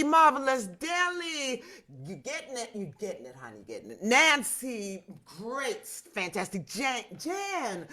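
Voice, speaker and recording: A woman's voice: a little high, sing-song, a little slow, bright, forceful tone. A woman signing off a video call, showering people with "darling" and "marvelous" in an effusive way. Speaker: guest singer. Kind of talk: warm sign-off chat on a video call.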